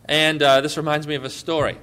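Male pastor, sermon, slightly high voice, leans hard on key phrases, then drops to a hush. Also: level tone, fast talker, smooth. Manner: emphatic, swings between loud and hushed.

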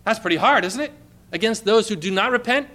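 A man preaching a sermon with passion, dropping to a hushed tone when quoting scripture. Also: sits high, lively intonation, brisk.

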